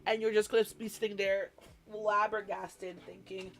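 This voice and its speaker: A young woman who teaches small children, chatting casually and telling an animated story while she does a craft on a live stream. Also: mid-range voice, moderate pace. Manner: animated storytelling, mimics voices, chatty asides. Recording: soft background music.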